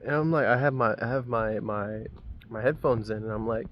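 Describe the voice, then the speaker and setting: A young man rambles through a profane story in a casual vlog, his mid-pitched voice swinging up and down as he goes. A faint hiss of room noise sits under his talk. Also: moderate pace, highs cut off. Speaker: vlogger.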